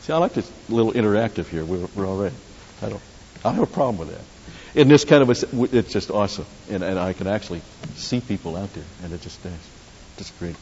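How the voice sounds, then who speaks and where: A man's voice: on the low side, animated, fast. A man preaching a sermon in a conversational way, with asides and restarts, leading the congregation in prayer. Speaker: pastor. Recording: dull roomy hall recording with faint hiss.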